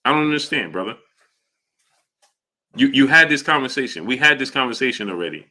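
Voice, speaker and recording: A man's voice: mid-range voice, animated, fairly quick. Argumentative man hosting a live stream. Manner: argumentative, repeats himself, shouts out chat names. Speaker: boxing live-stream host. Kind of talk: casual live-stream commentary.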